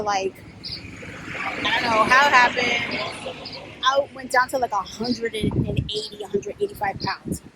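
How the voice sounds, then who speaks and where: A young woman with a fairly high voice tells her own story frankly and with plenty of swearing. She jumps into the voices of the people she quotes, with a thin hiss of noise underneath. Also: low-quality recording. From New York. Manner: blunt, profane, animated, acts out quoted voices. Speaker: spiritual life coach. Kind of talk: candid personal storytelling.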